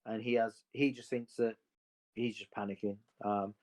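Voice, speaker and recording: A man's voice: fairly low pitch, level tone, darkish tone. A man playing a tabletop game, speaking hesitantly with many ums while he works out his character. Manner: slow, hesitant, full of ums. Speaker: player.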